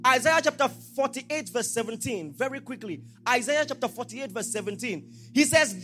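A man preaching a sermon as pastor, asking rhetorical questions and swinging from quiet talk to shouted declarations. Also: very high-pitched, animated, moderate pace, few pauses, soft background music.

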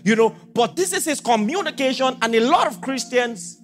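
A man preaching a sermon as pastor, asking rhetorical questions and swinging from quiet talk to shouted declarations. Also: extremely high pitch, sing-song, normal speed, faint music behind.

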